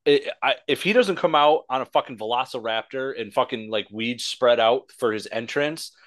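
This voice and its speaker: A man's voice: medium pitch, moderate pace, fairly bright tone, dry recording. Profane ranting male podcast host. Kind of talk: casual wrestling podcast chat.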